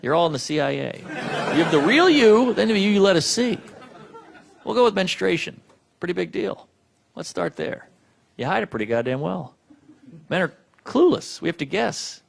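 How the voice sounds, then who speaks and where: A man's voice: high voice, big pitch swings, moderate pace, creaky, long pauses, some chatter behind. Brash profane stand-up comedian man. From United States. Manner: brash, profane, punchy delivery. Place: comedy club stage. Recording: noisy live club recording. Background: audience laughter.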